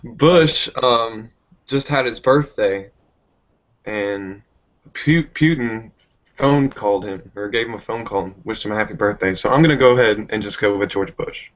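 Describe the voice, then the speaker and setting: A man's voice: fairly low pitch, moderate pace, a bit bright, lo-fi sound. A man playing along as a contestant in a casual online game show, laid-back and saying "man" a lot. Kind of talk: casual chat.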